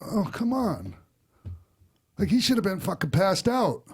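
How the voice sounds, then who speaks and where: A man talks on a podcast in a high voice and rants with heat, swearing freely as he vents. His tone is casual and blunt. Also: sing-song, unhurried, breathy edge. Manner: ranting, profane, heated. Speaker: podcast host.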